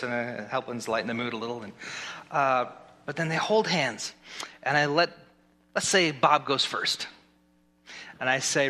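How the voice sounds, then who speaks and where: Pastor guy doing the kids sermon, chatty and playful, highish voice, big church reverb. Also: expressive, normal speed, pauses often, sharp tone. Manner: playful, chatty, asks the crowd questions. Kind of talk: children's sermon. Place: church sanctuary. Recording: long hall reverb.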